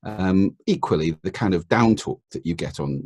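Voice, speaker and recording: A man, a guest expert in a podcast interview, explaining in a measured way and demonstrating intonation with his voice. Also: low-pitched, animated, a little mellow, husky, no room sound, clean studio sound.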